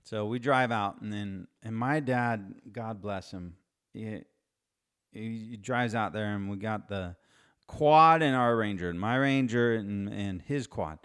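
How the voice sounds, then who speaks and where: A man's voice: fairly low pitch, unhurried, fairly bright tone, smooth. A middle-aged man hosting his own podcast, telling a casual, rambling story with restarts and wry asides. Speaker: podcast host.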